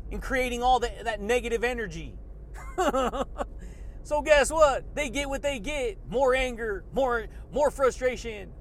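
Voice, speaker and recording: A man's voice: very high-pitched, slight background noise. A man hosting a motivational podcast, hyped and repetitive, calling his listeners buddy and baby. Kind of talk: fired-up motivational monologue.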